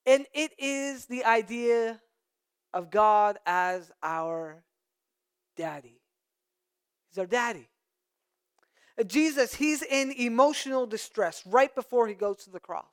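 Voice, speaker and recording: A pastor preaching a conversational sermon, with playful asides to the congregation. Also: male voice, very high voice, slow pace, long pauses, clean tone.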